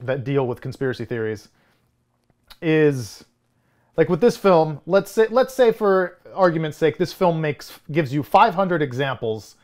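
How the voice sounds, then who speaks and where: A man in his thirties co-hosting a film podcast in casual chat, rambling with frequent restarts and chuckles. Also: medium pitch. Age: 30s. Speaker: podcast co-host.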